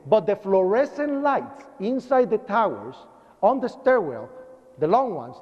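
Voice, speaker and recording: A man's voice: high voice, very animated, unhurried. A man recounting a traumatic eyewitness story to a lecture audience, vividly acting out sounds and cries. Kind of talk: dramatic first-person storytelling to an audience. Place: lecture hall. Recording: dull lo-fi recording with long hall reverb.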